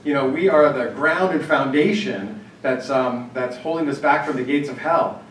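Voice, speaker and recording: A man's voice: medium pitch, normal speed, fairly bright tone, a little hiss or hum. Man telling stories in an echoey hall. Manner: anecdotal, conversational, with frequent fillers and restarts. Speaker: workshop speaker on church planning. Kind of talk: storytelling talk to a live group. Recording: echoey hall, distant mic, faint ambience.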